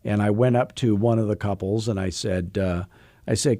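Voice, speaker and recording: A man's voice: fairly low pitch, steady tone, normal speed, mellow, no echo, clean studio sound. A man coaching real estate agents on a podcast, chatting through stories with frequent repeats and restarts. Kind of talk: podcast monologue with anecdotes.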